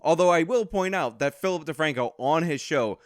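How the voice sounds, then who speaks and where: A man's voice: fairly high pitch, lively intonation, normal speed, no echo, studio quality. A man hosting a commentary video, giving blunt, emphatic opinions in a casual vlog style. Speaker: commentary channel host.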